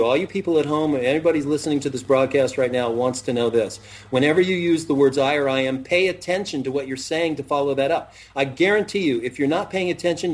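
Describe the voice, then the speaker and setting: A middle-aged man hosting a self-help talk show, earnest and preachy, slowing down to stress key phrases. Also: medium pitch, husky. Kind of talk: motivational talk-show chat.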